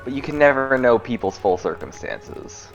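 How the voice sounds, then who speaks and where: A man's voice: medium pitch, animated, normal speed, vocal fry, dull audio, soft background music. A man playing a tabletop game, talking earnestly with hesitant restarts. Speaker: player. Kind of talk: casual tabletop chat.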